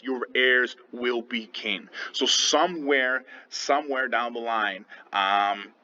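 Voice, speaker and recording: Bright-voiced male teacher, casual and chatty. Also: mid-range voice, muffled recording, slight background noise. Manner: paraphrases lines in everyday slang, lots of fillers. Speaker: English teacher. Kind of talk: casual lesson explaining a play.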